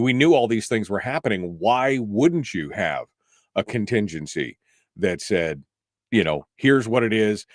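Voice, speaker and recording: A man's voice: fairly low pitch, dry recording, clean studio sound. A man hosting a political talk radio show, exasperated and emphatic, firing off rhetorical questions.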